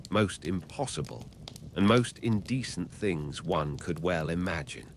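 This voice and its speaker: Male audiobook narrator, low voice, unhurried pace, measured classic-novel reading. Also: a little hiss or hum.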